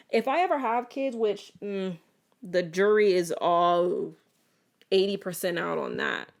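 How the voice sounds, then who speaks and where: A woman's voice: mid-range voice, measured pace, creaky. Chatty young woman telling stories. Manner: animated, chatty storytelling with many restarts. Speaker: podcast host. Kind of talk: casual solo podcast chat.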